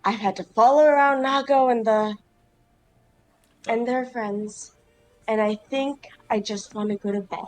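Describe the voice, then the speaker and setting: A woman's voice: fairly high pitch, steady tone, a little slow, long pauses, soft background music, close to an everyday voice. A woman voicing a weary, proud adventurer in a tabletop game, speaking in a clipped, defensive, tired way.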